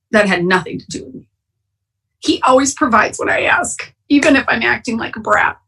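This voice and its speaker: A woman's voice: mid-range voice, a bit bright, far from the mic, rough recording. A woman from Wisconsin speaking candidly and emotionally as a speaker at a recovery meeting. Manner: emotional, candid, choking up at times. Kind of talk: personal recovery share. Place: online conference, at home.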